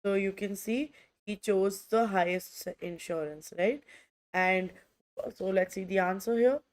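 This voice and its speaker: A woman running an online exam-prep lesson. She speaks at a middle pitch and keeps a chatty, repetitive flow as she addresses her students directly. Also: measured pace, a little mellow. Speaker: IELTS teacher.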